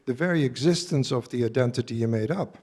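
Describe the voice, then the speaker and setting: A man's voice: mid-range voice, fast, a little mellow, husky. A man in his seventies giving a live talk to an audience, earnest and direct, quizzing his listeners. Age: 70s. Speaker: workshop speaker.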